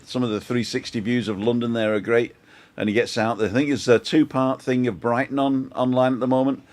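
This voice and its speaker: A man's voice: medium pitch, little pitch movement, brisk, darkish tone. A man hosting a casual live-stream chat, jokey and chatty, reading out viewer comments. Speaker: host.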